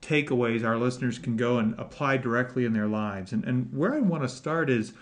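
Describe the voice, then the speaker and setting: A man hosting a podcast interview, talking in a relaxed, animated way and laughing often. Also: mid-range voice, a little fast. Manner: animated, laughs often, puts on voices in quotes. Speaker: podcast host. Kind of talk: casual interview chat.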